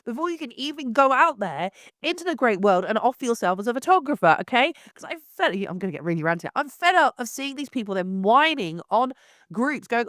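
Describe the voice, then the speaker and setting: A woman's voice: fairly high pitch, animated, quick pace, a bit bright, no echo, studio quality. A woman sounding unwell as she hosts a solo podcast, ranting in a blunt, exasperated way. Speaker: podcast host.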